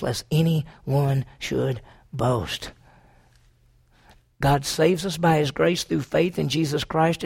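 A man's voice: fairly high pitch, vocal fry, a little mellow, slightly rough. A man preaching a sermon, driving his points home with repeated rhetorical questions to the congregation. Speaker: pastor.

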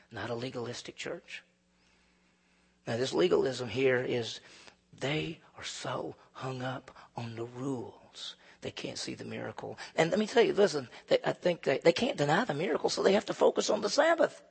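Male pastor preaching, gravelly husky voice, goes hushed then loud, long echo in the hall. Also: on the high side, expressive, moderate pace. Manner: fervent, swings between hushed and loud emphasis. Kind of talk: sermon.

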